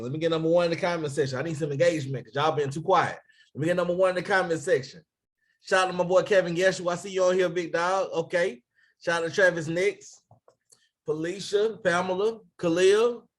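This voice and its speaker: A man coaching his team over a live stream, his voice sitting a little high for a man. He talks with lively energy, keeps asking viewers to post in the comments and shouts people out by name. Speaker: business coach.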